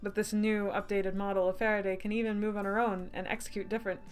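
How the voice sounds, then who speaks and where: A woman's voice: mid-range voice, flat delivery, fast talker, faint music behind. A woman streaming a game she helped make, reading the text aloud and chatting casually, laughing often. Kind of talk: casual let's-play narration.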